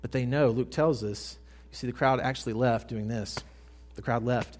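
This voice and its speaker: A man preaches a sermon at a mid-range pitch. He tells the story dramatically, sometimes dropping to a hush and sometimes rising to ringing emphasis. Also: moderate pace. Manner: dramatic storytelling with loud and quiet swings. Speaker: pastor.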